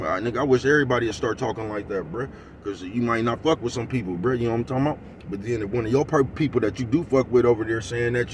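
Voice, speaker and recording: A man's voice: mid-range voice, far from the mic, slight background noise. A man ranting casually to his viewers in heavy slang, rambling and laughing, often asking if you know what he's talking about. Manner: laughs often, gets loud and heated. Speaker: vlogger. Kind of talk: casual rant to camera.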